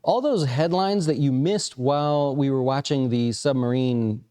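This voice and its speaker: Man, market-commentary host, mellow tone, casual and rambling, lots of uhs, mid pitch. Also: a little slow, clean tone. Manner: conversational, frequent fillers and restarts. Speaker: investment firm host.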